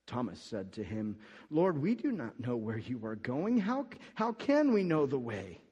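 A man preaching a sermon, going from quiet scripture reading to loud, emphatic declarations, with frequent restarts. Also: medium pitch, huge pitch swings, measured pace, slightly rough, muffled recording. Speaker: pastor. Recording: long hall reverb.

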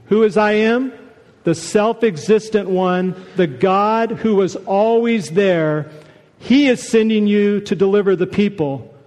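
A man preaching a sermon, conversational and animated, with casual asides to the congregation. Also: high-pitched, measured pace, long reverb tail. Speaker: pastor.

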